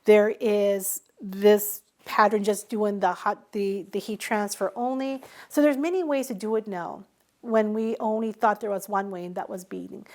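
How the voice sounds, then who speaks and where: A middle-aged woman who teaches a traditional craft, telling stories in an unhurried conversational way and acting out the dialogue she quotes. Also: a little high, a little mellow. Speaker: Mi'kmaw craft teacher and guest speaker. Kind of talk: storytelling in a recorded conversation.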